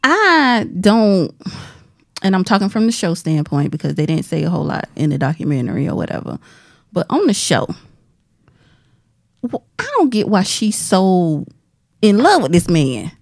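A woman's voice: on the low side, normal speed, vocal fry. A woman podcast co-host whose voice swoops wildly up and down as she vents about what she watched. She sounds close and dry, with no room echo. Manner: animated, exasperated commentary. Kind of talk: casual chat.

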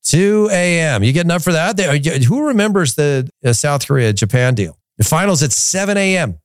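A man's voice: a little high, sing-song, brisk, no echo, studio quality. A man from the United States hosting a soccer podcast, talking casually with opinions and frequent restarts. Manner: rambling, opinionated, repeats words while thinking.

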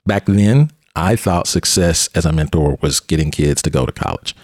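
A man hosting a conversation, a police officer and mentor telling a story in an animated way and often restarting his phrases. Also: extremely low pitch, moderate pace, no echo, studio quality.

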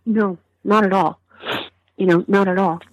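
A woman, a grieving mother, telling her story in an interview in a halting way with many restarts. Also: medium pitch, fairly even intonation, no echo, poor audio. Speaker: mother of a murder victim, interview guest. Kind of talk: emotional interview testimony.

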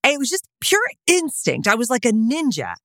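A woman's voice: on the high side, wildly swooping pitch, brisk, fairly bright tone, dry recording, clean studio sound. A woman in her thirties co-hosting a podcast in casual chat, playful and teasing, laughing often. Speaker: podcast co-host.

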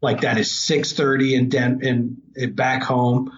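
Excited middle-aged man telling a hunting story. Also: mid-range voice, measured pace, muffled recording. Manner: animated, breaks into excited quoting. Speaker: hunting guest. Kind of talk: casual storytelling.

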